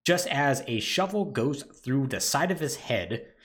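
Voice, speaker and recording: A male podcast co-host retells a video game's plot in a relaxed, loose recap chat, his pitch lively and swinging. As an animated storyteller, he slips into quick put-on voices to act out the characters' lines.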